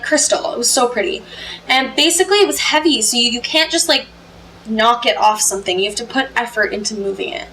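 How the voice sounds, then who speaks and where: Woman vlogger telling a story, kinda high voice, says "like" a ton. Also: a bit bright, a little hiss or hum, low-quality recording. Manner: chatty, lots of fillers like "like". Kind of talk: casual spoken storytelling.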